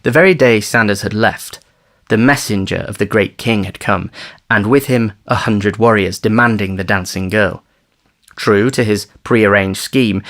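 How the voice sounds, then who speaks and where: A man narrating an audiobook thriller in a measured, wry storytelling manner. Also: on the low side, a bit bright. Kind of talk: scripted narration.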